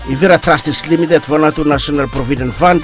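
A man's voice: on the high side, fast talker, soft background music. Rambling male co-host thanking sponsors. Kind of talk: casual radio chat.

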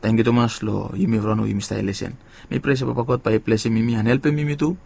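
A male preacher delivers a sermon in a voice of ordinary middle pitch. He lifts his key words with emphasis, then lets each phrase fade low and soft at its close. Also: steady tone, fast talker, creaky.

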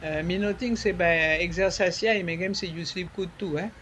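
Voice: mid-range voice, fairly even intonation, brisk, a bit bright. Ni-Vanuatu nurse, casual health tips, French words mixed in, faint background noise, talk-show guest.

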